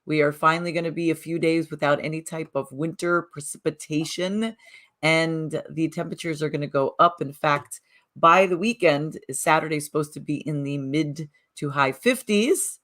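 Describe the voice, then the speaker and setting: A woman's voice: deep voice, normal speed, fairly bright tone. A woman co-hosting a casual morning chat show, talking in a chatty, rambling, upbeat way. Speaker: co-host. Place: Southern Connecticut.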